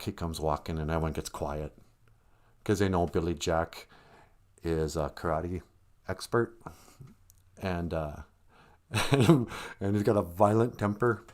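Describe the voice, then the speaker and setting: A man hosting a livestream, joking and teasing in an ironic, chuckling way. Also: low-pitched. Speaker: host of a language livestream.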